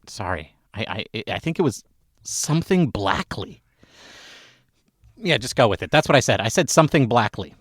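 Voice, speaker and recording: A young adult man co-hosting a casual podcast chat, venting in a mock-dramatic way that swings from loud anger to quiet sadness. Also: medium pitch, very animated, moderate pace, long pauses, no echo, clean studio sound. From United States. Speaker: podcast co-host.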